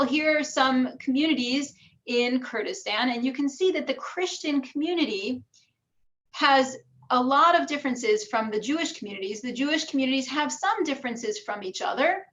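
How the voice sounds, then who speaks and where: An American woman with some New York vowels giving an academic lecture with slides, explaining clearly and demonstrating pronunciations aloud. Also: high-pitched, a bit bright. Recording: dull lo-fi recording.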